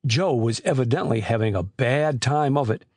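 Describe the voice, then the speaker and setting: A man narrating an audiobook with expressive, scripted storytelling on a close mic. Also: mid-range voice, moderate pace, dry recording.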